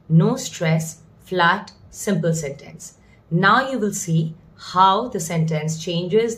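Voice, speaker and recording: A young woman teaching a spoken English lesson, talking clearly and deliberately and stressing single words to demonstrate. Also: mid-range voice.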